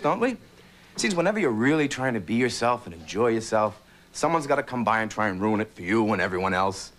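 A man from Boston doing an animated stand-up routine on a TV studio stage. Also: fairly low pitch, fast. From Boston, Massachusetts. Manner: animated, does many character voices. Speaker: stand-up comedian. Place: TV studio stage with live audience.

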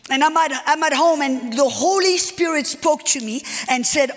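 A woman guest speaker preaching a sermon with personal stories, lively and acting out dialogue as she tells them. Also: sits high, moderate pace, few pauses. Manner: animated, acts out dialogue, repeats phrases. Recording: long hall reverb.

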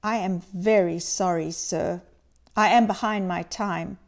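A woman's voice: medium pitch, steady tone, measured pace, lightly acted. A woman voicing a timid male clerk apologizing to his employer in a dramatic reading. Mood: apologetic. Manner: humble, apologetic.

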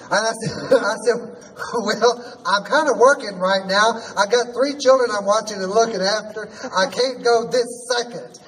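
A man's voice: high voice, moderate pace, fairly bright tone. A man, a drag queen hosting an outdoor rally, rousing and sassy and leading the crowd in chants. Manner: sassy, rousing, leads call-and-response. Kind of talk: rally speech. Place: outdoor rally in front of a courthouse. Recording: distant mic, faint background noise.

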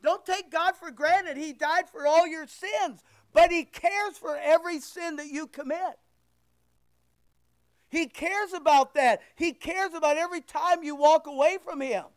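High-voiced preacher. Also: male voice, unhurried. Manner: emphatic, rhetorical preaching with repeated phrases. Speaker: pastor. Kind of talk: sermon.

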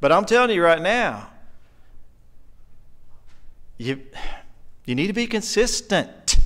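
A man's voice: sits high, very animated, slow, a bit bright. A middle-aged man preaching a sermon in a church, earnest and emotional, pressing his points with emphasis. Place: church sanctuary.

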